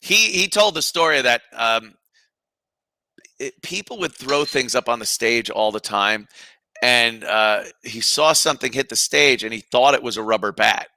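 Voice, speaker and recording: A man's voice: mid-range voice, normal speed, dry recording. A middle-aged man chatting casually as a podcast guest, telling stories with lots of fillers and imitating other people. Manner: animated storyteller, mimics others, frequent fillers. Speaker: podcast guest, radio host. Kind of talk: casual chat.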